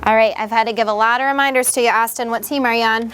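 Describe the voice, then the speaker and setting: Lady teacher in a classroom, patient, asks q after q, voice a bit on the high side. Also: fairly even intonation, rapid-fire, a bit bright, slight background noise. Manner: patient, prompting with questions.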